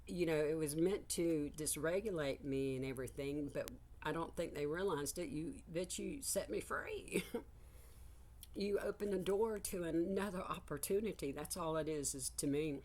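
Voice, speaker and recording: Older woman, psychic vlogger, deep for a woman, loose and rambling, blunt with the occasional curse. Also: normal speed, darkish tone. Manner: meandering, frank, swears casually. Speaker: psychic reader. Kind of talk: casual spiritual vlog monologue.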